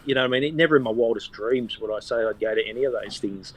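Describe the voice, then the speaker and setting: A man's voice: medium pitch, fast talker, breathy edge, rough recording. Rambling man telling stories. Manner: rambling storyteller, many fillers. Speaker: guest, sports journalist. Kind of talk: casual podcast chat.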